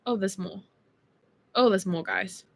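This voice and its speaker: A woman's voice: medium pitch, unhurried, vocal fry, no echo. A young Australian woman in her early twenties, chatting casually and giggling as she reads viewer texts on a stream. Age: 20s. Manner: chatty and giggly, lots of fillers. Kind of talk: casual chat.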